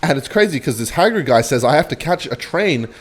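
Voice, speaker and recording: A young man with a London accent, casually telling a comic, swearing story while playing a game, with quick jumps in his voice. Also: a little high, expressive, husky. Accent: London English. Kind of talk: casual storytelling over gameplay.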